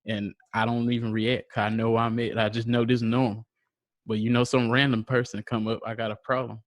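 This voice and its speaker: A man's voice: medium pitch, flat delivery, fairly quick, no room sound. A man hosting a podcast in casual chat, laughing often and putting questions to his co-hosts. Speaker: podcast host.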